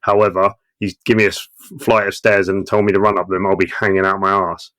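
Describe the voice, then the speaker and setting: A man's voice: deep voice, flat delivery, brisk, fairly bright tone, no room sound. A man who is a combat veteran, talking as a podcast guest in blunt, sweary casual chat.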